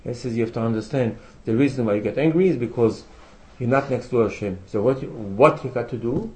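A rabbi lectures on religion to a Torah class, his medium-pitched voice a little mellow and a little fast. Rhetorical questions and emphatic quotes from Hebrew sources mark his teaching, captured in poor audio.

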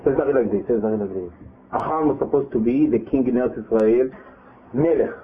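A man's voice: mid-range voice, brisk. Man teaching scripture over a tinny line. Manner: repetitive, retells scripture with acted quotes. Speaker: religious teacher. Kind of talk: Torah lesson to a live group. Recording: narrow phone-like audio.

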